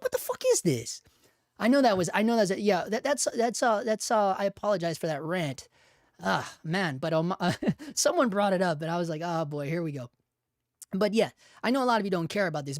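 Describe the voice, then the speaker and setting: A man's voice: high-pitched, dry recording, clean studio sound. A young man hosting a casual livestream, swearing freely and ranting hard, often repeating himself and chuckling as he reads viewer comments. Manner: profane, fired-up ranting with lots of repeated words. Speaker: host.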